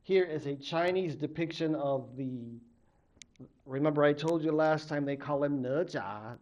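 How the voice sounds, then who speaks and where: A man from a Native American tribe, a college literature instructor telling a legend in an animated lecture, acting out the characters. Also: on the high side, dull audio, slight background noise. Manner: animated, acts out the characters' voices. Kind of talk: storytelling lecture.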